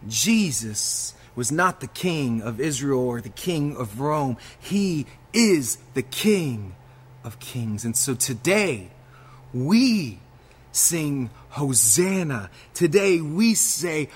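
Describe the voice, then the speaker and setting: A man's voice: medium pitch, sing-song, takes it slowly, husky. A young man preaching a sermon as a pastor, casual and slangy in his asides and building to fervent exhortation.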